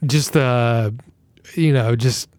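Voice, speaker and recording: A man co-hosting a podcast in casual chat, blunt and swearing freely, with a lot of swing in pitch and pace. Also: slow pace, a little mellow, dry recording. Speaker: podcast co-host.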